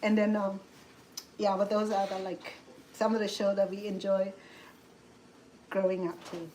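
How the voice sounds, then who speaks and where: A woman's voice: medium pitch, level tone, a little slow, mellow, slight background noise, rough recording. A middle-aged woman with a Cambodian accent, chatting casually as a cooking show host, rambling with many restarts and fillers. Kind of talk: casual chat.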